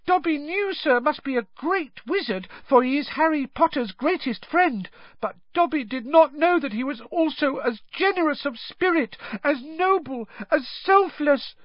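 Storybook house-elf, very high squeaky voice, nervous, eager to please, dull dry recording. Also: male voice, expressive, measured pace, no echo. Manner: ungrammatical third-person speech, constant "sir".

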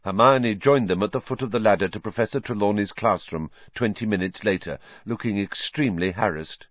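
A man reading a novel aloud as an expressive audiobook narrator. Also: fairly low pitch, a little fast, hardly any pauses, dry recording, dull audio. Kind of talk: scripted narration.

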